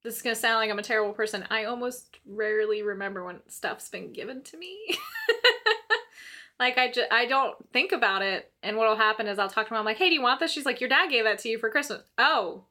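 In a laid-back co-hosted chat, a young woman with a fairly high voice talks fairly quickly, spinning animated stories, laughing often and imitating the way she herself once spoke.

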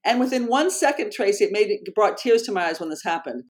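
This middle-aged author and researcher talks fast at a medium pitch while telling a story as a guest on an interview. Earnest and animated, she keeps starting her sentences over.

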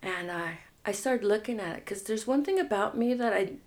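A woman in recovery telling her personal story in a reflective, halting and frank way. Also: medium pitch, lively intonation. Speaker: guest in recovery.

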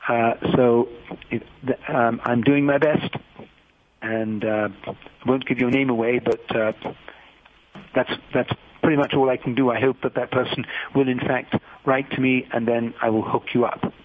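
Male radio host, slow halting delivery, husky voice, thin phone-like broadcast sound. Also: medium pitch, fairly even intonation. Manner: slow, halting, spells things out carefully. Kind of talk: radio call-in announcements.

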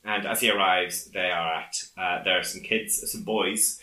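Low bright-toned guy recapping a movie, lots of uhs, echoey room. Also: fairly even intonation. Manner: rambling, halting with many fillers. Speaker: podcast co-host. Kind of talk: casual film recap chat.

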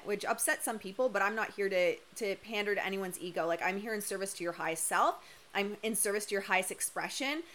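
A woman's voice: on the high side, sharp tone. A young woman coach giving a candid, emphatic live-stream talk that has casual swearing, her voice slightly worn as she loses it. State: losing her voice. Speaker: human design coach.

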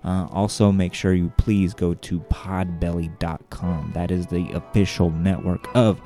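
A man's voice: low voice, steady tone, unhurried, warm tone, faint music behind. A man, hosting a podcast in casual, upbeat chat and swearing freely. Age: 30s. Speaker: podcast co-host.

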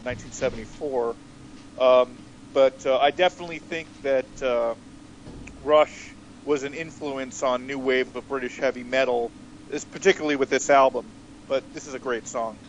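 A man co-hosting a casual podcast, speaking hesitantly and filling pauses with uh and um. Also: medium pitch, slight background noise, rough recording. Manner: hesitant, lots of uh and um. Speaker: podcast co-host.

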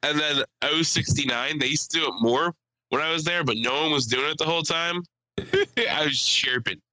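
Young male podcast co-host, crude joking storyteller, very bright tense tone, dry close sound. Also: fairly high pitch, moderate pace, no echo, rough recording. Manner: storytelling with crude jokes and voiced impressions. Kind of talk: casual chat.

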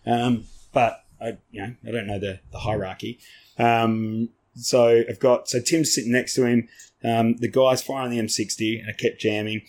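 An Australian man, an army veteran and podcast guest, telling a story in a rambling, animated way with lots of ums, restarts and casual swearing. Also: mid-range voice, normal speed.

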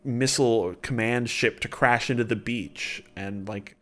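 A man's voice: medium pitch, measured pace, fairly bright tone. Opinionated man chatting about games. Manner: rambling, opinionated, frequent restarts and swearing. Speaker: podcast co-host. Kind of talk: casual chat.

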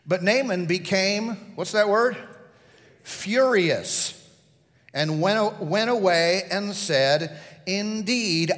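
Preaching man in a reverberant hall. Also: a little high. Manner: storytelling preacher who quizzes the congregation. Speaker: pastor. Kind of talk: sermon.

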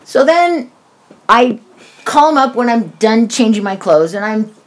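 A woman's voice: on the high side, expressive, unhurried. A woman casually telling a story, blunt and profane, with sarcastic asides.

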